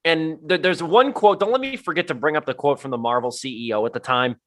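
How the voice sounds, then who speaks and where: A man's voice: fairly high pitch, fast talker, a bit bright. A man co-hosting a movie podcast as a film critic, talking in a casual, rambling way with lots of fillers and restarts. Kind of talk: casual movie review chat.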